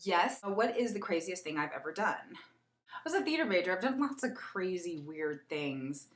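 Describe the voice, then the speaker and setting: A young woman chatting casually in a get-to-know-me vlog, animated and laughing as she tells a story. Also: fairly low pitch, normal speed. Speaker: beauty vlogger. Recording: echoey room.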